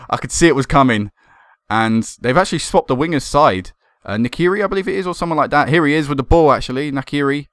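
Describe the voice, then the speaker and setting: A young man commentating on a football management game, excitable and swearing when it goes wrong. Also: mid-range voice, fast, clear, resonant tone, dry recording, clean studio sound. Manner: excitable, swearing and laughing at goals. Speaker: gaming commentator.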